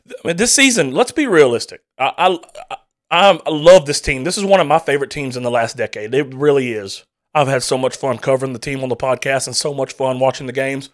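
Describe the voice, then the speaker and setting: A man's voice: fairly high pitch, fairly bright tone. A man hosting a sports podcast, venting in a fired-up, profane solo rant full of restarts.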